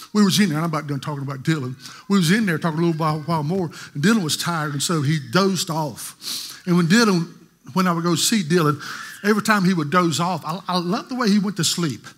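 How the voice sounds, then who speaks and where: Husky-voiced man preaching a sermon. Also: a little high. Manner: storytelling, shifting from hushed to emphatic. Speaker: pastor.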